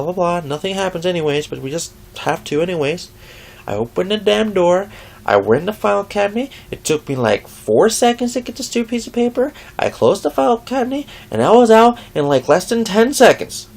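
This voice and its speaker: A young adult vlogger in a casual rant to camera, animated, swearing a lot and mocking others. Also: medium pitch.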